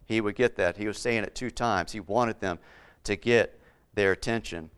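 A man's voice: on the low side, moderate pace, a bit bright, smooth. A man preaching a Bible-teaching sermon, repeating key words for emphasis and putting questions to his listeners.

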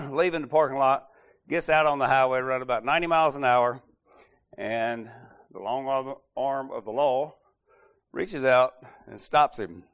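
Man, folksy storyteller, clears his throat a lot, mid-pitched voice. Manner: folksy, clears throat often, acts out quoted lines. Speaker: speaker retelling an anecdote. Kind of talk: casual storytelling talk.

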